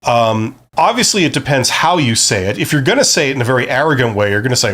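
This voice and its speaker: Guy on a live stream giving job interview advice, lively up and down voice, keeps asking "right?". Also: mid-range voice, fast talker, hardly any pauses. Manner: conversational, explanatory, frequent "right?" check-ins. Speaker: career advice host.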